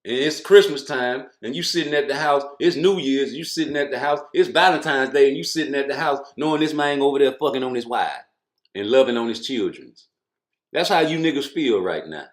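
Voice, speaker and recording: A man's voice: medium pitch, a little fast, reverberant. A man giving blunt, profane, mocking commentary in a ranting style. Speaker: boxing commentator.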